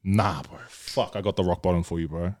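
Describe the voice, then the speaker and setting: A man's voice: low-pitched, fairly even intonation, brisk, darkish tone, no echo, clean studio sound. A young man, candidly telling stories from his life as a podcast guest, swearing freely and calling everyone bro. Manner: swears a lot, says bro constantly. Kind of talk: candid casual storytelling.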